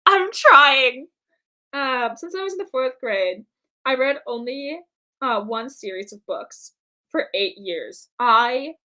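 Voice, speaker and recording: Bright-voiced chatty American woman. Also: fairly high pitch, very animated, measured pace, rough recording. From United States. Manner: chatty, self-mocking, trailing off with fillers. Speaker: live-stream artist. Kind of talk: casual chat while drawing.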